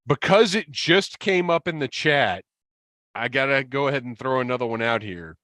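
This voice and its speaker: A man co-hosting a podcast in casual chat, animated and quick to exclaim. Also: medium pitch, no room sound, studio quality. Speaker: podcast co-host.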